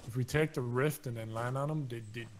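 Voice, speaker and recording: A young man streaming a team game, joking around and calling out enemies on a headset mic. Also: medium pitch. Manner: jokey, quick-calling callouts. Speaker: streamer, teammate. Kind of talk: casual gaming chat. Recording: game gunfire loud in the mix. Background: game gunfire.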